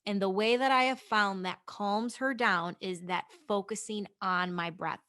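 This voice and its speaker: A woman's voice: medium pitch, fairly even intonation, unhurried, hardly any pauses, sharp tone. A young adult woman hosting a podcast, talking casually and frankly, swearing now and then and addressing her listeners directly. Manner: chatty, swearing, many restarts and asides to listeners. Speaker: podcast host. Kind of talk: casual chat about goals and meditation.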